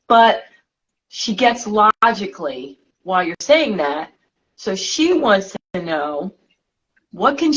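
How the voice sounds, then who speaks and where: A middle-aged woman hosting a talk show, chatting casually and passing on a listener's question. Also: mid-range voice. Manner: conversational, relays listener questions. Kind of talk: casual interview chat. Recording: dull lo-fi audio.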